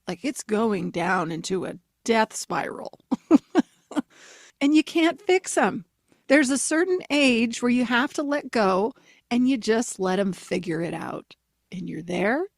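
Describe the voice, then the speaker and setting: A woman's voice: mid-range voice, no echo, studio quality. A woman in her forties hosting a casual spiritual talk, telling a family story with frequent laughter. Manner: animated, laughs often while telling stories. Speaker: spiritual teacher, podcast host.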